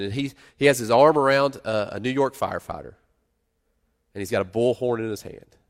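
A middle-aged man preaching a sermon in a conversational way, rising to loud emphasis and dropping to quiet asides. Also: fairly low pitch. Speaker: pastor.

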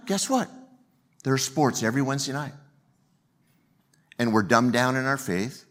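A male pastor preaching a sermon in a conversational, self-deprecating way, joking with the congregation. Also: medium pitch.

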